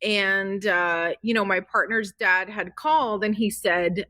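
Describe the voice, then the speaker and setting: Bright-voiced emotional middle-aged woman. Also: mid-range voice, measured pace, no room sound. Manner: emotional, rambling storytelling with many fillers. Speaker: guest. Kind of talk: casual interview chat.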